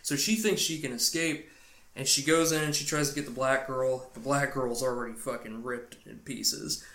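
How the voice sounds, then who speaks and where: A man's voice: medium pitch, fairly even intonation, moderate pace, pushed and bright. Man, podcast co-host, loose cursing recap, roomy echo. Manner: profane, rambling storytelling. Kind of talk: casual movie recap.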